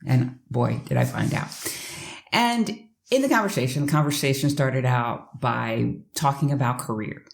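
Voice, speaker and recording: A woman with a strikingly deep, low voice tells a personal story in a vlog. She is chatty and conversational, and often turns to the viewer with quick asides. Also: lively intonation, vocal fry. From United States. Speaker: life coach.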